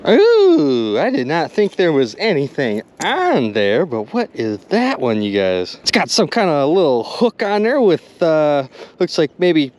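An excitable man narrates his outdoor fishing vlog by a river, talking straight to his viewers. His voice sits high, and his pitch swoops up and down as he exclaims over each find. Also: measured pace, a little hiss or hum. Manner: excitable, addresses viewers as "you guys". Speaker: magnet fishing vlogger.

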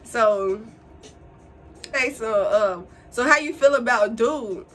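A young woman vlogger telling a casual story while doing her makeup, animated and slangy, acting out quotes in a higher voice. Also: slow, faint music behind. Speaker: beauty vlogger.

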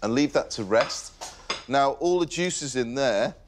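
A man's voice: mid-range voice, lively intonation, a little slow, slight background noise. A man hosting a cooking show, talking casually and enthusiastically as he demonstrates a recipe in a kitchen. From Merseyside, England. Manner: casual and enthusiastic, praising the food.

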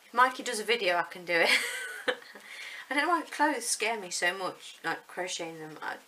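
A woman's voice: mid-range voice, lively intonation, moderate pace, sharp tone, slight background noise, rough recording. A woman, chatting casually and rambling a little as she unboxes yarn. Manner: chatty, rambling, self-deprecating. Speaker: vlogger showing yarn.

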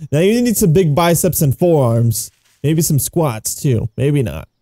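Excitable giggling man, lively dry voice. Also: a little high, measured pace, no room sound. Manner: excitable, giggly, exclaims often. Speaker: gaming YouTuber. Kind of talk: casual gameplay commentary.

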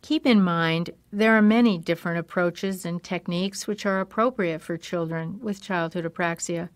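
A woman speech-language pathologist calmly explaining therapy methods in a voice-over. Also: fairly low pitch, moderate pace, no echo.

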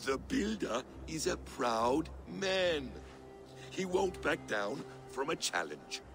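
An actor playing a sly, scheming male trickster god in a video game, smooth and persuasive. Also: fairly high pitch, big pitch swings, slow, over music.

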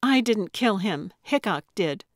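A menacing woman criminal, voiced by a woman narrator, cold and contemptuous. She hisses her threats slowly, in a dry, close storybook recording. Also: mid-range voice, lively intonation, no room sound. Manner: threatening, hissing.

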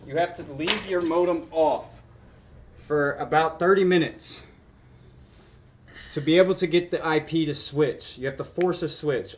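A man on a stream's crew, calmly explaining a technical fix in a matter-of-fact way. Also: on the high side. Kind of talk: casual explanation.

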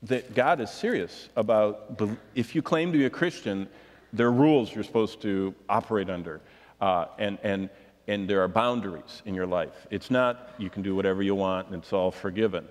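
A man's voice: fairly low pitch, normal speed, big-room sound. A man preaching a sermon, reading scripture and pressing his points with rhetorical questions. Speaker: pastor.

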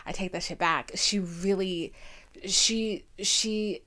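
A woman in her twenties from a Haitian family hosts a podcast, speaking at medium pitch and taking it slowly. Her casual confessional monologue is chatty and candid, full of swearing, and she acts out the people she quotes.

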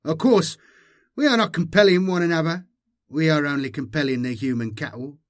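A man with a somewhat high, natural voice, pitched above his own, speaks a little fast as he plays a mesmeric, commanding male cult leader talking in broken phrases. The recording is dry, with a clean studio sound.

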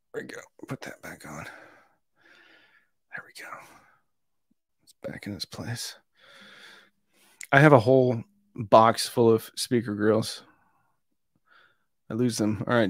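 An audio channel host chats casually during a live stream about audio gear, rambling in an easygoing, self-deprecating way. His voice sits at medium pitch, and the recording is dry with clean studio sound.

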